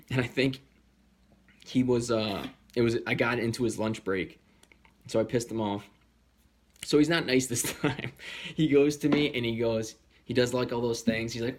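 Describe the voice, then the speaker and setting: A young man tells a personal story in a candid, rambling way. He swears often and trails through restarts. When he quotes others, his voice jumps up high.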